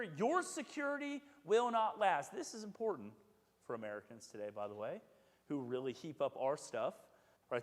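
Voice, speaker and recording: Lively, high-voiced man preaching. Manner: chatty, joking, acts out quoted voices. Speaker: pastor. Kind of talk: casual sermon. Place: church sanctuary. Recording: echoey church sanctuary with long reverb.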